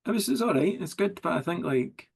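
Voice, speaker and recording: A Scottish writer in a relaxed video-call interview, easygoing and often chuckling as he talks. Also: high voice, quick pace, creaky, slightly rough. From Scotland. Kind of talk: casual interview chat.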